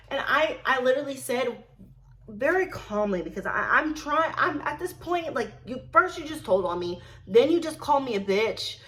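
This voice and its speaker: Blunt, animated young woman telling a story. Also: high-pitched, normal speed. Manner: animated, blunt and profane, with emphatic repetition. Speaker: storyteller recounting her work as a server. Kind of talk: casual storytime vlog.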